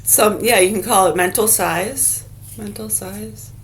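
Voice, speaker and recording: A woman's voice: medium pitch, unhurried. Blunt, profane woman ranting to camera. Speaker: vlogger. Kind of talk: angry profane rant to camera.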